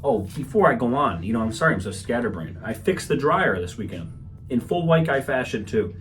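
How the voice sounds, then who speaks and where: A man's voice: medium pitch, very animated, brisk, faint music behind. A young man hosting a comedy podcast, rambling through a profane monologue and acting out quotes in mocking voices. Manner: swears a lot, acts out quotes in raised mocking voices.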